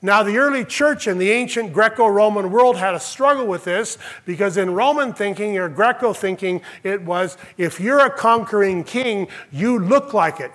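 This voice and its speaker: Emphatic high-voiced male pastor. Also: fairly bright tone. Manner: emphatic, slows down to stress lists of phrases. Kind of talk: sermon. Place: church sanctuary with congregation.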